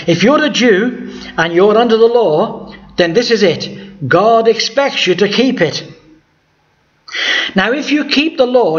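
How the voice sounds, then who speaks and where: A man's voice: high-pitched, a bit bright, highs cut off. A male pastor preaching a Bible lesson to his congregation, often putting questions to the people in front of him. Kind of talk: sermon Bible teaching. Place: church hall before a congregation.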